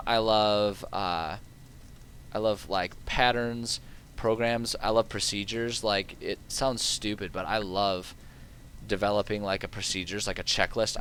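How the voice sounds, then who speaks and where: A man's voice: mid-range voice, fairly bright tone, slight background noise. A man streaming a game live, talking casually and rambling with lots of fillers. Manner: rambling and chatty, with many fillers.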